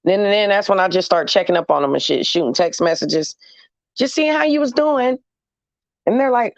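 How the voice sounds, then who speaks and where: A woman's voice: mid-range voice, expressive, moderate pace, no echo. A blunt, candid woman speaking, chatting loosely with viewers and slipping into slang. The sound is dry and close, with a dull, slightly muffled tone. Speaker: host talking to viewers. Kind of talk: casual chat to a live audience.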